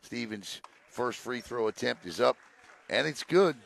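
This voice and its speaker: A man calling a high school basketball game play by play, excitable on big plays and joking between them. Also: unhurried, vocal fry. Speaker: play-by-play announcer. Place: gym broadcast position.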